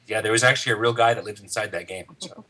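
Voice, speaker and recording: A man's voice: on the low side, fast talker, noisy background. A man joining a fan podcast over a video call, wisecracking and laughing in casual chat. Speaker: podcast guest.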